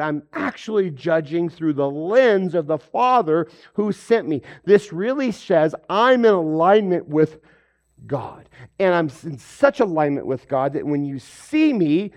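A pastor preaching a sermon in a high voice that swings widely up and down. He throws questions at his listeners and bursts into the quoted lines in character. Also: unhurried, lo-fi sound. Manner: animated, acts out quoted voices with big pitch jumps; asks the congregation questions.

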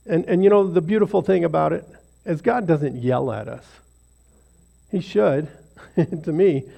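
A man gives an informal devotional to a small gathering. His voice sits a little high but sounds mellow and soft-edged, with plenty of gravelly fry. He rambles in a relaxed, conversational way and often pokes fun at himself. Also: a little slow. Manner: rambling, self-deprecating, conversational. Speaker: lay speaker leading a devotional.

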